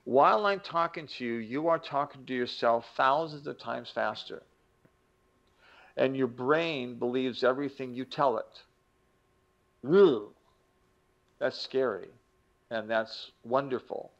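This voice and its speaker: A man's voice: mid-range voice, slow pace, creaky, long pauses, lo-fi sound. An older man giving an emphatic motivational talk, acting out quoted voices as he teaches. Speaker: self-help teacher.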